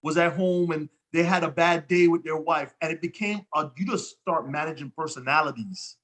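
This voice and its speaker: A man, a co-host from Jamaica, reflecting on leadership in a relaxed, drawn-out way during a casual interview. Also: fairly high pitch.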